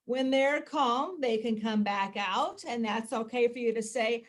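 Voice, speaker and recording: A woman parent educator explaining discipline steps to families in a calm way, with many ums and restarts. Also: fairly high pitch, measured pace, hardly any pauses. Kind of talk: casual presentation.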